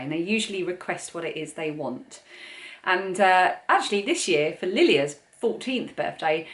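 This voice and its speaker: A chatty English woman in her forties hosts a casual craft podcast, gushing over the toys she makes. Her voice sits a little low for a woman. The room around her sounds echoey. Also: a bit bright. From England. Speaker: podcast host.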